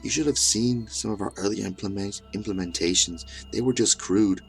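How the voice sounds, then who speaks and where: A man's voice: lowish voice, normal speed, creaky, faint music behind. Man doing a Scottish old scientist. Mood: explaining. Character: frantic older male scientist, Scottish.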